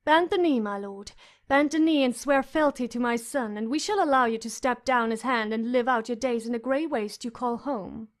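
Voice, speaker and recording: A woman voicing a cold, scornful queen in an audiobook, speaking haughtily with a raised pitch. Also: moderate pace, natural voice. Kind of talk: audiobook character voice.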